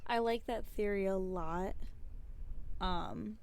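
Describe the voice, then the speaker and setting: A woman's voice: mid-range voice, slow, a little mellow, clean tone. A woman co-hosting a casual podcast chat, joking with dry understatement. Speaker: podcast co-host.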